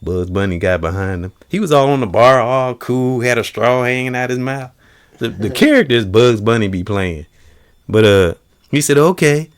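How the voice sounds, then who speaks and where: A man's voice: medium pitch, normal speed, clear, resonant tone, no room sound, studio quality. A man hosting a comedy show, chatting casually and telling stories by acting out cartoon scenes. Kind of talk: casual chat.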